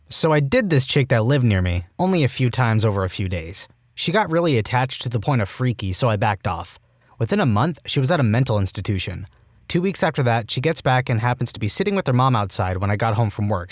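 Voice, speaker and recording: A man reading reddit stories aloud with animated delivery and wry asides. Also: medium pitch, dry recording, studio quality. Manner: animated, jumps into quoted voices with wry asides. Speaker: storytime narrator.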